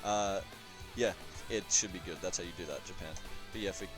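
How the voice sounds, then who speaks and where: A man swearing and chatting excitably while explaining a multiplayer strategy game, sometimes chanting. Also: deep voice, a little fast, over music. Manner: profane, excitable, chanting at times. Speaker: gamer in multiplayer session. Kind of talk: casual gameplay commentary.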